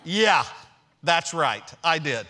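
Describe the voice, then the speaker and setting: A middle-aged man preaching a sermon, telling a personal story with animated, self-deprecating humor. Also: on the high side, takes it slowly. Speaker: pastor.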